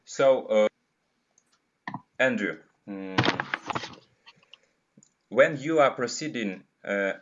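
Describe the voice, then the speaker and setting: A man's voice: fairly low pitch, lively intonation, very slow, long pauses. A man hosting a casual group video call, talking hesitantly with many fillers, his voice distorted like a monster voice changer. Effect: distorted, monster-like voice changer sound. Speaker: host of an online discussion hangout. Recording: dull, faintly noisy call audio.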